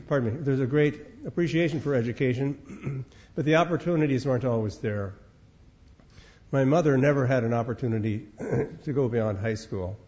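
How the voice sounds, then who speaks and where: An older man from Minnesota gives a storytelling lecture, wry and unhurried, often repeating words as he goes. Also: mid-range voice, darkish tone, highs cut off. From Minnesota, United States.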